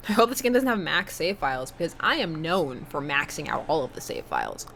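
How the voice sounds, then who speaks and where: Excitable woman narrating her gameplay. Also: sits low, fairly quick, few pauses, slight background noise. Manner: chatty, self-mocking, excitable. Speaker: streamer. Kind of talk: let's-play commentary.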